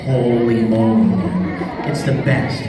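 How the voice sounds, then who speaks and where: A man telling stories to fans as a convention panel guest, animated and laughing as he talks. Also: fairly low pitch, slow, music in the background. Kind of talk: storytelling to a live audience. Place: large convention hall. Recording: echoey hall, far mic, crowd noise.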